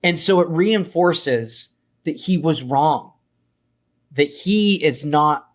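A man's voice: fairly high pitch, lively intonation, slow pace. A man joining a podcast as a guest, agreeing often and adding thoughtful comments on a film's characters. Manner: agreeable, chimes in with yeahs and analysis. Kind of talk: casual film discussion.

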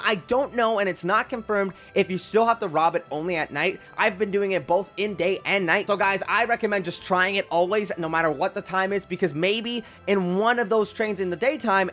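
An excitable man narrating a game walkthrough, talking straight to his viewers. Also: sits high. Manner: excitable, addresses viewers as guys and ladies and gentlemen. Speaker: gaming video creator. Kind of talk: gameplay walkthrough commentary.

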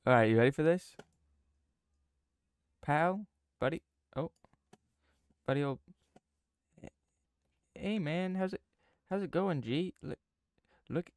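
A man hosting a casual gameplay video, excitable and yelping, given to playful trash talk. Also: a little high, no echo, clean studio sound. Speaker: gaming video host.

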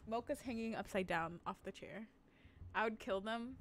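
A woman's voice: on the high side, moderate pace, a little hiss or hum. A woman streaming a game, chatting casually in a playful, giggly, teasing way. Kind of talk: casual gaming stream chat.

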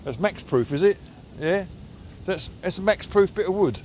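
A middle-aged man with a high, animated voice and a slightly dark tone talks at normal speed, with a little hiss or hum in the audio. He films a walk on his phone outdoors by water in the countryside, chatting to his dogs in a teasing, sing-song way.

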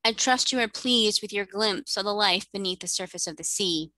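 A woman voicing a gracious, kindly mermaid queen who speaks in a cordial, measured way. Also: mid-range voice, bright, forceful tone, dry recording, natural voice, poor audio.

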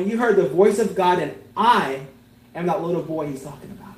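A male pastor delivers a heartfelt sermon in a fairly high voice. He builds to emphatic peaks and then softens to near-tender lines. The room is echoey, with a faint hum of ambience behind him. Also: a little fast. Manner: earnest, rising to emphatic peaks then dropping soft and tender.

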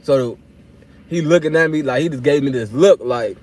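A young man casually telling a story straight to his viewers, animated and full of slang, acting out his own replies as he goes. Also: a little high, moderate pace. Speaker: vlogger telling a personal story.

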